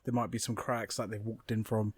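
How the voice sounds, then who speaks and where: Young male podcast co-host, fast and lively storyteller, close dry mic. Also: lowish voice, husky, dry recording. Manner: swearing, animated storytelling with acted-out quotes. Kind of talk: casual chat.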